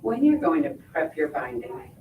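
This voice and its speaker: A woman's voice: deep voice, very animated, normal speed, far from the mic, narrow, tinny audio, slight background noise. Woman teaching quilting in an echoey room. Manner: friendly step-by-step explaining, checking in with "right?" and "okay?". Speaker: sewing instructor. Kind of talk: hands-on quilting demonstration. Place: sewing shop or studio.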